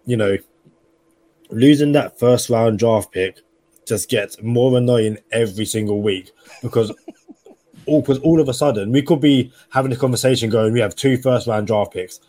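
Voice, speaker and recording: A man's voice: medium pitch, moderate pace, warm tone, no room sound. A man with a London accent, co-hosting a sports podcast and thinking aloud with lots of "you know" fillers. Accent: London English. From London, England. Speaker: podcast co-host. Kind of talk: casual sports podcast chat.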